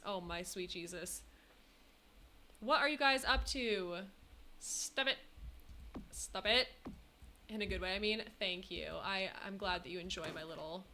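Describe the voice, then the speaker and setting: A bubbly young woman chatting on a live stream, thanking viewers between giggles. Her voice is bright and forward. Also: medium pitch, slight background noise. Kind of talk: casual live-stream chat.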